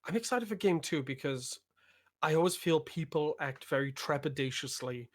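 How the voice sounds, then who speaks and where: A man's voice: on the high side, animated, moderate pace. A man co-casting a live esports tournament, chatty and wordy with a self-deprecating edge. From United Kingdom. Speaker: esports co-caster. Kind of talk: live game commentary.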